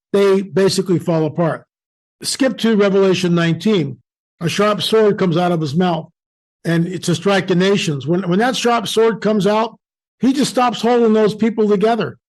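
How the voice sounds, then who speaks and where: An emphatic American man talks in an animated preaching way and often acts out the voices of people he quotes. His voice sits high for a man. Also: poor audio. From United States. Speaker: guest speaker.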